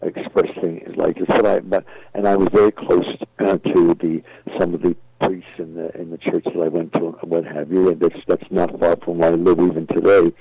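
A man's voice: low-pitched, level tone, moderate pace, vocal fry, hardly any pauses, husky, no room sound. An older man, a guest entertainer, telling rambling stories in an interview with many fillers and restarts, in a dull, dry, lo-fi recording. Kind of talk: interview storytelling.

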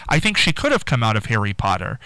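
A man's voice: fairly low pitch, sing-song, fast talker, pushed and bright, smooth, no room sound. A man hosting a morning call-in radio show, talking in a playful, chatty way. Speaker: radio host. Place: radio studio.

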